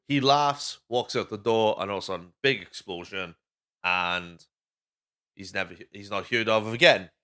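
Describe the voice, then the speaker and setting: A man's voice: fairly bright tone, clear, resonant tone. Rambling Welsh man recapping a film. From Wales. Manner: rambling, swears freely, acts out film lines in silly high voices. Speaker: podcast host. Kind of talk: casual movie recap monologue.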